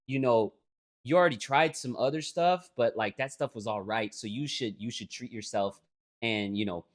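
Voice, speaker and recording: This is a young man co-hosting a podcast, speaking at a medium pitch and normal speed. He chats casually while telling a story, cursing often and imitating other people in an animated, profane style.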